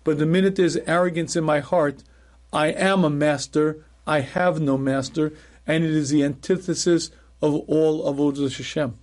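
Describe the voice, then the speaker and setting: A middle-aged man, a rabbi, teaching a class in a measured, emphatic way, repeating key phrases and often clearing his throat. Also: fairly high pitch, steady tone, a little mellow. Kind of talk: recorded Torah lecture.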